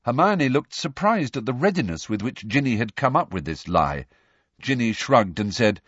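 A man reading a novel aloud as an audiobook narrator, measured and even. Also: medium pitch, breathy edge, dry recording, highs cut off.

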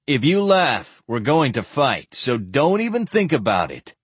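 A man's voice: mid-range voice, big pitch swings, measured pace, slightly rough, no echo, voice pushed up. A man voicing a vain, grumbling young noble knight who complains and protests. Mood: protesting. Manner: complaining, peevish.

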